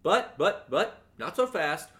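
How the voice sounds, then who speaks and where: A man's voice: high-pitched, big pitch swings, slow, fairly bright tone. A man co-hosting a podcast, giving confident, blunt betting picks in casual sports chat. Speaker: podcast co-host.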